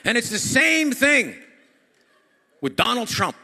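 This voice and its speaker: A man giving a jokey, animated speech to a crowd at an event, repeating his phrases. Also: extremely high pitch, slow pace, gravelly, slight background noise. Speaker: comedian speaking at an event. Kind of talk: stand-up style speech to a crowd. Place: large event hall. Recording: echoey hall recording.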